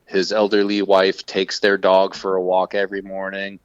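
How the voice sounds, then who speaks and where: A man co-hosting a podcast, telling a casual, profane story in an animated way. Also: sits low, moderate pace, smooth, dry recording. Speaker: podcast co-host. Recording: dull lo-fi sound.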